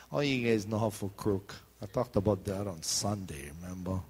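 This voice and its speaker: A man's voice: fairly low pitch, darkish tone, breathy edge. A middle-aged man with a Hawaiian Pidgin accent, preaching in a chatty, joking storytelling way. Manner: chatty storytelling, jumps into voices. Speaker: pastor. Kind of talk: joking sermon talk.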